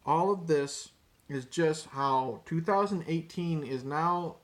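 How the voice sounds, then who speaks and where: A man ranting casually to camera as a vlogger, rambling, cursing and repeating his words. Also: on the high side. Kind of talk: casual opinion rant to camera.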